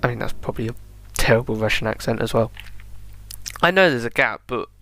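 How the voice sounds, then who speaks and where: A man's voice: mid-range voice, brisk, sharp tone, faint music behind. A young man giving casual, chatty commentary over a racing game replay, thinking aloud and correcting himself. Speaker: gaming video creator.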